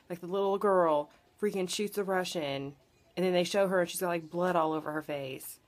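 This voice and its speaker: A young woman talks straight to her camera, retelling a film in a loose, rambling way, leaning on filler words and the odd swear. Her voice sits a little lower than most women's. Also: normal speed. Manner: chatty, filler-heavy retelling with lots of "like" and swearing. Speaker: vlogger. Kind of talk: casual movie recap.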